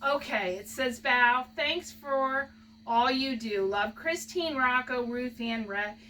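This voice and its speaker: A woman's voice: a little high, takes it slowly, pushed and bright, far from the mic, a little hiss or hum, poor audio. A woman opening gifts from fans on a home video, gushing, laughing often and using baby talk with her pet. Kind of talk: casual home video chat.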